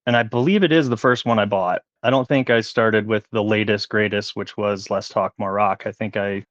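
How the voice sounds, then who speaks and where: Wry, relaxed American man in a basement. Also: fairly low pitch, normal speed, dry recording, dull audio. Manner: relaxed, wry, hesitant with fillers. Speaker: regular podcast guest. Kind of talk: casual chat. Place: unfinished basement at home. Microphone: headphones and mic on a video call.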